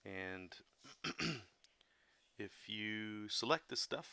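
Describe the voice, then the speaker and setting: Gravelly, low-key man chatting while drawing. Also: moderate pace, long pauses. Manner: relaxed, rambling, many fillers; monotone delivery. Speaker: comic artist drawing on a live stream. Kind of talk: casual drawing tutorial chat.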